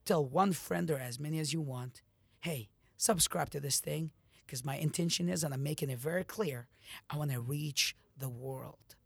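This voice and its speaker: A man's voice: fairly high pitch, normal speed, gravelly, slightly rough, dry recording. A man hosting a motivational podcast, giving a blunt, profane pep talk straight to his listeners. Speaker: podcast host, motivational speaker. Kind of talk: motivational monologue.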